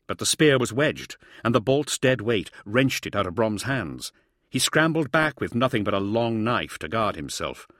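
Low, lively-voiced male storyteller. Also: no room sound, studio quality. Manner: measured, dramatic storytelling. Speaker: audiobook narrator. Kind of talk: scripted narration.

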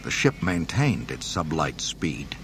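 A man narrating an audiobook in a dramatic, expressive way. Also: rumbling low, slow pace, noisy background. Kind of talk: audiobook reading.

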